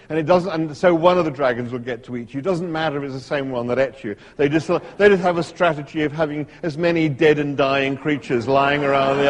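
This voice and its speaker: A man tells a story to a live audience in a halting way, using dry humor and frequent false starts. His voice sits a little high for a man. Long reverb from a large hall hangs behind him. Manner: dry humor, hesitant with restarts. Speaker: speaker giving a talk to an audience. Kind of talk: live talk with a read-aloud passage.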